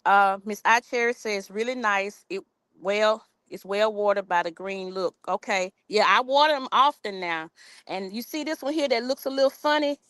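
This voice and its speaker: She speaks at a moderate pace in a medium-pitched, fairly bright voice with no echo. The setting is a casual gardening live stream from her backyard, shot on a tripod phone camera, where she reads viewer comments aloud and uses an informal "y'all" dialect.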